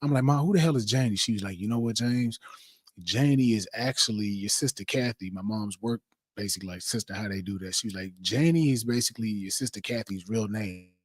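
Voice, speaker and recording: Male guest, low husky voice, casual storyteller who plays every quote, video call audio. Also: fairly quick, dry recording, clean studio sound. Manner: animated storyteller, acts out the quotes.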